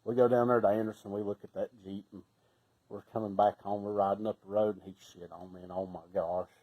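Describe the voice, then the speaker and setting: A middle-aged man with a Southern Appalachian accent, telling casual stories in a folksy way, laughing often and sometimes breaking into loud shouts. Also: lowish voice, flat delivery, fairly quick, rough recording. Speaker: storyteller. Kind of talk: casual storytelling.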